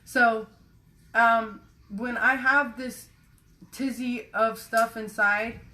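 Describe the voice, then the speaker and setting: Bright, candid woman musing aloud. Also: on the high side, steady tone, slow. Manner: rambling, self-reflective, casually profane. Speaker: personal vlogger. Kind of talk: candid personal monologue.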